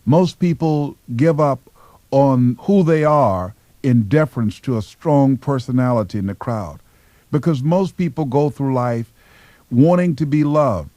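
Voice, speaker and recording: Male motivational speaker from Miami, Florida; mid-range voice, deliberate emphatic storytelling, dry close recording. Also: medium pitch, warm tone, dry recording. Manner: slow, deliberate, emphatic phrasing.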